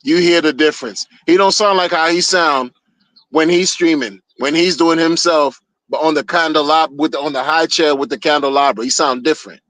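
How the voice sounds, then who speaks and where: A man's voice: a little high, moderate pace, fairly bright tone, dry recording, low-quality recording. Blunt, slangy man ranting on stream. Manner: blunt, slangy, rambling with repeated phrases. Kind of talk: casual on-stream rant. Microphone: streaming mic.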